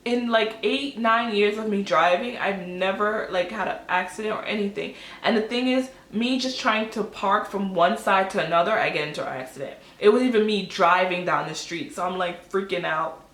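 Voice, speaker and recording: A woman in her twenties telling a storytime vlog, chatty and animated, acting out quotes with lots of fillers. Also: medium pitch, moderate pace, reverberant. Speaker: vlogger.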